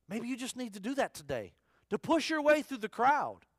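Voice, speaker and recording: A man's voice: extremely high pitch, big pitch swings, moderate pace, no echo, clean studio sound. A man preaching a sermon in a church service, talking conversationally, asking the congregation questions and repeating his key phrases. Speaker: pastor.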